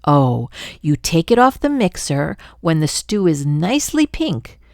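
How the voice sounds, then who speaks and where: A woman's voice: low voice, sing-song, unhurried, gravelly, a little mellow, no room sound, clean studio sound, full character voice. A grandmother doing a smug jabbering glunk creature. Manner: sweet-talking, jabbering on. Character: chatty green male glunk creature, pushy and smug. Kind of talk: storybook read-aloud.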